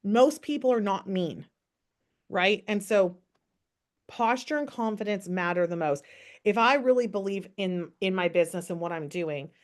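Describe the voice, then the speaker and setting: Woman, upbeat coaching tone, casual training call, rhetorical questions. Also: mid-range voice. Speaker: network marketing team trainer.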